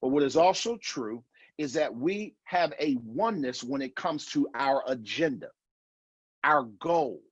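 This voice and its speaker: A man's voice: mid-range voice, animated, a little slow, slightly rough, dry recording, muffled recording. A middle-aged man giving an earnest online conference talk, repeating phrases for emphasis and restarting often, heard over a video call. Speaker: marriage conference speaker.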